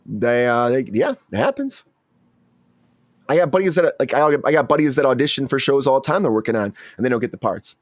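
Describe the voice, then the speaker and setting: A man's voice: brisk, no echo, clean studio sound. A man, an actor hosting the show, chatting casually and acting out quotes from his stories in a raised voice. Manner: animated storyteller, acts out quotes in high voice. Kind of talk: casual chat.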